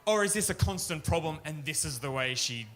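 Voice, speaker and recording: A man's voice: a little high, lively intonation, fairly quick, a bit bright. A man doing a crude, ranting stand-up routine at a pub show, swearing freely. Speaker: stand-up comedian. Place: pub stage, live show.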